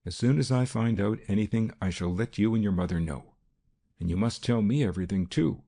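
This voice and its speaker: A composed detective professor, gentle and measured, in a low gravelly voice, as the narrator of the story puts him on. His lines sit a touch higher than the narration, with a dark, husky tone. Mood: calm. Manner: measured and reassuring.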